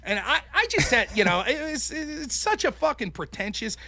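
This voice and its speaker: A man's voice: very high voice, very animated, moderate pace, vocal fry, pushed and bright. A man hosting a podcast, telling a story in casual, profane chat and mocking the people he quotes in put-on voices. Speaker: podcast host.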